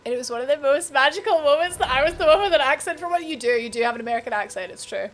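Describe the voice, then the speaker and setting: A woman's voice: high-pitched, lively intonation, racing, fairly bright tone. A woman from Scotland with an Edinburgh accent, chatting casually with her live-stream audience, laughing often and greeting viewers by name. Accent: Edinburgh Scottish. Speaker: game streamer.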